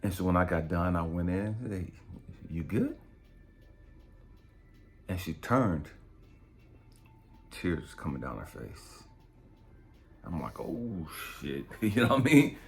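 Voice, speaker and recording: A man, a spiritual coach, telling a story in a blunt, profane, animated way. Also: low voice, takes it slowly, long pauses, faint music behind. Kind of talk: casual storytelling monologue.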